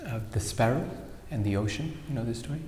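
A man with a mid-range, slightly mellow voice speaks briskly over slight background noise. He is a spiritual speaker whose sermon centers on an animated fable laced with Sanskrit terms, and the hall he's in is echoey with long reverb.

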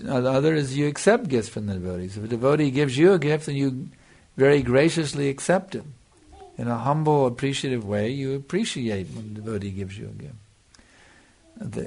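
Gravelly older man giving a devotional talk. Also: medium pitch, darkish tone. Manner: earnest, repeats "you see", answers questions. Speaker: spiritual teacher. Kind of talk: devotional lecture.

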